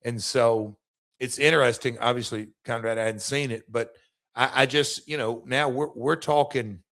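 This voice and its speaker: A middle-aged man tells stories on his podcast in a loose, rambling flow. He stammers and restarts his sentences often. His voice sits at an ordinary middle pitch. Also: fairly even intonation, moderate pace, a bit bright. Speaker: podcast host, former wrestler. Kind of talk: casual storytelling chat.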